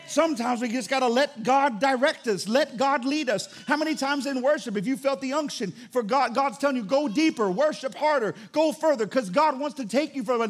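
Pastor, male, very high and animated delivery, playful sermon with jokes. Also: brisk, hardly any pauses. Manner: lively, joking, preaching with acted-out asides.

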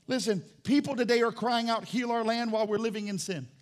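A male pastor preaching a sermon in a church, impassioned, swinging from low and intimate to loud and fervent. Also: fairly even intonation, fairly quick. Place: church sanctuary.

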